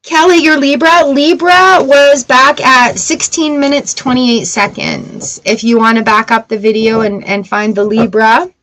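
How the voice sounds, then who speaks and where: A woman's voice: a little high, fairly even intonation, measured pace, hardly any pauses, fairly bright tone, rough recording. A woman reading tarot cards for a live audience, chatty and upbeat, greeting viewers by name between cards. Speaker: tarot reader.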